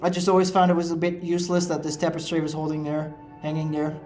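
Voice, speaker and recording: A man with a slightly higher-than-average voice gives loose, rambling commentary while he plays a video game, filling his talk with "like" and "uh". Faint game music sits quietly behind him. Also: monotone, fast talker. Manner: rambling, lots of "like" and "uh" fillers. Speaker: let's play host. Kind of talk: casual gameplay commentary.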